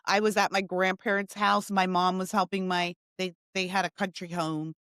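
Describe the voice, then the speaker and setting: A woman co-hosting a podcast in casual chat, telling stories in a lively way that gets loud and high when she is excited. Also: normal speed, dry recording, studio quality. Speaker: podcast co-host.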